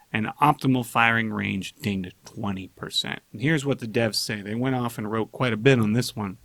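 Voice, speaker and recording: A chatty male gaming host talks through game update notes in a relaxed, joking way. His voice sits at a medium pitch, and the recording is close and dry, with no room sound. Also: dry recording. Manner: chatty, joking, reads patch notes aloud. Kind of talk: casual gaming news commentary.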